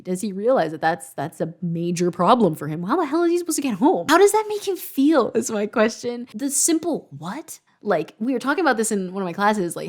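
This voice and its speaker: Young female writer-host, casual and chatty, mid-range voice, asks lots of questions. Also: medium pitch. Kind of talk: casual writing-craft commentary.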